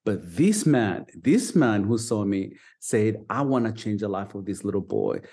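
A man's voice: lowish voice, sing-song, measured pace, warm tone, husky. A man with a Ugandan British accent, a guest in an interview, talking about foster care in an earnest, upbeat way with small restarts. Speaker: guest, foster dad and advocate. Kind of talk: conversational interview.

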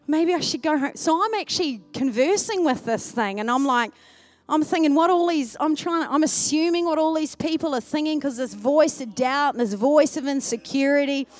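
A woman preacher telling a personal story in a sermon, swinging from loud, excited passages to hushed, tender ones. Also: high voice, normal speed. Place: church service.

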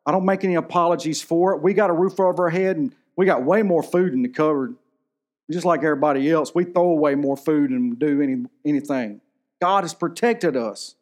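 A pastor in his forties delivers a sermon in a relaxed, storytelling way. His voice sits a bit high for a man, and he talks to the congregation like he's chatting with them. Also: fairly quick. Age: 40s. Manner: conversational preaching, storytelling with movie anecdotes.

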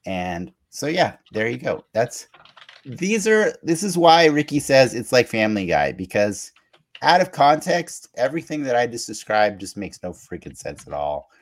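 A man's voice: medium pitch, sing-song, normal speed. A man on a podcast, recapping a cartoon episode in casual chat, rambling with fillers and restarts and laughing along. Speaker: podcast co-host.

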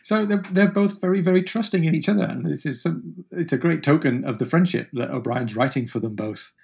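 A man's voice: a little high, fairly quick, vocal fry, darkish tone, husky. A man co-hosting a podcast, talking through a novel in a thoughtful, casual way with frequent restarts. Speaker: podcast co-host. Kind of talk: casual book discussion.

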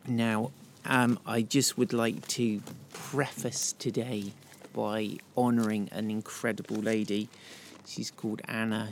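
A man's voice: mid-range voice, slight background noise. A middle-aged man, giving an earnest, chatty Bible talk while walking outdoors. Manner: warm, earnest, chatty with asides. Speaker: podcast host and Bible teacher.

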